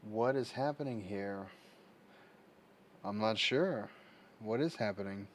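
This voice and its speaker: A man hosting a livestream, chatting casually with viewers and reacting slowly to their messages. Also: lowish voice, a little hiss or hum. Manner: slow, drawling, reacting to chat messages. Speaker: livestream host. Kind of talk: casual chat with live viewers.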